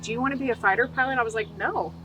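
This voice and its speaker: Recorded in low quality with a slight hiss or hum, this fairly high-pitched woman talks very fast. She's a forties-aged guest from Utah recounting her life on a podcast, lively and performing each quoted voice.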